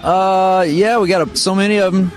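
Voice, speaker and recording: A middle-aged man from Missouri, a guitarist guest, telling relaxed, rambling stories full of fillers in an interview. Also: high voice, moderate pace, faint music behind. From Missouri, United States. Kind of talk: casual interview storytelling. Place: radio studio.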